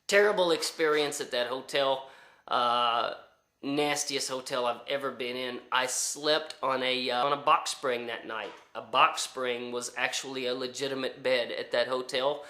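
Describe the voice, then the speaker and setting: Bright-voiced man telling a story. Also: mid-range voice, fairly even intonation, moderate pace, roomy sound. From United States. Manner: rambling, frequent fillers and restarts. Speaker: storyteller vlogger. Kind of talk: casual storytelling monologue.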